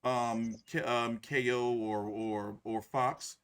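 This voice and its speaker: A man's voice: medium pitch, steady tone, slow, a bit bright, clean tone. A man hosting a boxing podcast, rambling in casual chat. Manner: rambling, many fillers and restarts.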